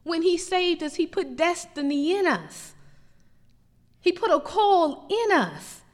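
A woman preacher delivering a lively, emphatic sermon. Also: very high voice, slow, long reverb tail. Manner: animated preaching with rising emphatic peaks.

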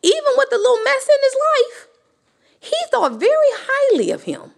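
A woman's voice: very high voice, very animated, normal speed, gravelly. A woman teaching a sermon in a conversational style, with rhetorical questions and passionate rises that climb to near cries. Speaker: Bible teacher.

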